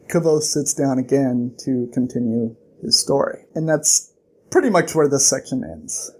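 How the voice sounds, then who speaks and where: A book vlogger recaps a story in a chatty, animated way, with plenty of fillers. The voice sits at a middle pitch. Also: takes it slowly.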